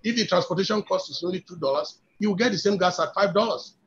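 A Nigerian-accented man with a high, fast voice is a guest from the industry on a webinar. He argues emphatically and persuasively, often repeating words as he builds his case, and the webinar audio is dull and lo-fi.

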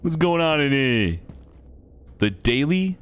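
A young man commentating casually as he plays a game, excitable, swearing freely and laughing often, reading game text aloud. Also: on the high side, takes it slowly, smooth. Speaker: gaming streamer.

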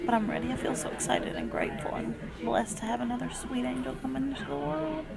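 A woman's voice: sits high, quick pace, creaky, a loud crowd. A woman vlogging in a casual, emotional, chatty way, laughing often, filming herself on a handheld phone. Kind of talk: casual vlog. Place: car and hospital room.

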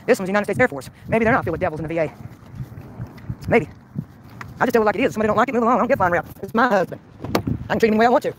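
Rapid preachy woman. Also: mid-range voice. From Mississippi, US. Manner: preachy, combative, scripture-quoting. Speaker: livestreamer. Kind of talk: ranting livestream talk. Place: hospital entrance, then a vehicle. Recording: noisy phone livestream.

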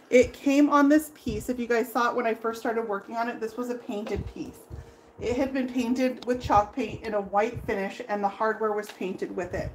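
A woman's voice: fairly high pitch, slight background noise. Chatty woman teaching a live painting demo. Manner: chatty, laughing, step-by-step instruction. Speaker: furniture painter and tutorial host. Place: workshop.

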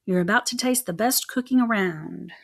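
A woman voicing a showy, self-loving male mouse cook from a storybook, pitching his food in a sing-song rhyme. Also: normal speed, vocal fry. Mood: boastful.

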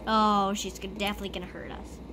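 Woman gamer, high voice, swooping pitch, panicky and screamy, noisy background. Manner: panicky, screams and pleads a lot. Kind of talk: live gameplay commentary.

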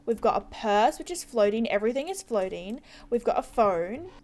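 A woman's voice: on the high side, very animated, moderate pace, a little mellow. A woman giving casual, chatty gameplay commentary as a gaming YouTuber, with wry, puzzled asides.

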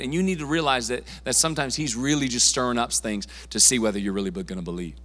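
A man's voice: medium pitch, quick pace, few pauses, pushed and bright. A man preaching a sermon as pastor, in a casual, conversational way with everyday slang. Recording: long church hall reverb.

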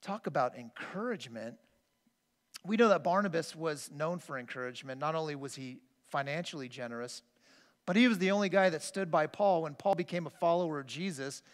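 Speaking briskly with lively intonation and a fairly high pitch, a male pastor offers a conversational sermon. The church sanctuary adds long reverb as he earnestly shares personal stories, restarting often.

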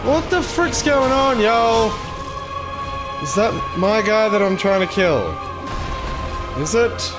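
Male gaming host, unhurried but jumpy, cursing commentary over music. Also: sits high. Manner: excitable, swears often, yells at the game. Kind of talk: live gameplay commentary. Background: game music.

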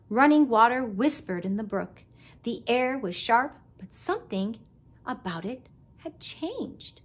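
Woman teacher reading a picture book aloud; slow, breathy, expressive. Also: a little high. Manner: expressive storytelling. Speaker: preschool teacher.

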